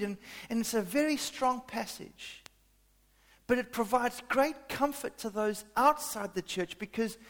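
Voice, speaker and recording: A man preaching a sermon as pastor, talking conversationally with many fillers and restarts. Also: very high voice. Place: church hall. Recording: long reverb of a large hall.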